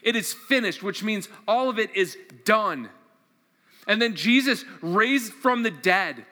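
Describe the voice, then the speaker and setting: A pastor with a bright, pushed, high-pitched voice delivers an enthusiastic, conversational sermon, reading scripture and questioning his listeners. Long hall reverb surrounds the recording.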